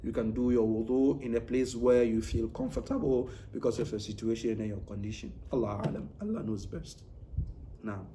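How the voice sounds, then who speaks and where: A man leads a relaxed religious lesson in a mosque classroom. His voice is dark and mellow, at a middle pitch. He talks in a loose, conversational way, restarting phrases and leaning on "you know". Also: moderate pace, a little hiss or hum. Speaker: Islamic teacher. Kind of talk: informal religious class lecture. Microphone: livestream mic.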